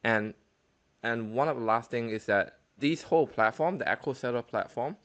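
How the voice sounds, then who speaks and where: A man's voice: medium pitch, moderate pace, a bit bright, dull audio. A man hosting a casual call, asking loose, rambling questions full of fillers. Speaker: host. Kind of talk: casual video-call interview.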